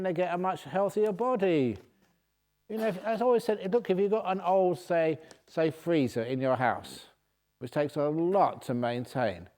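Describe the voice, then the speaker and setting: A man's voice: on the high side, a little mellow. A man, a Buddhist monk, answering questions at a retreat with jovial, humorous stories and often laughing at his own jokes. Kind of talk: humorous dharma Q&A talk. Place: meditation retreat hall.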